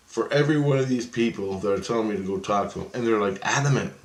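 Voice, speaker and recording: A man's voice: lowish voice, fast, hardly any pauses. A man ranting in an agitated, profane monologue about his spiritual experiences, heavy on swearing. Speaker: vlogger. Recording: echoey room.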